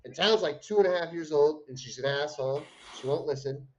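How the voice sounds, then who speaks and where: A man's voice: on the high side, quick pace, a little mellow, highs cut off. A young man on a livestream, telling a rambling, profane story in casual chat. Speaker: stream co-host.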